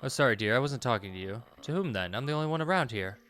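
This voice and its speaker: A man's voice: mid-range voice, animated, fast, a bit bright, close to an everyday voice. A man voicing a fretful, refined lady of a manor who gushes with gratitude. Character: anxious aristocratic lady of a manor, warmhearted.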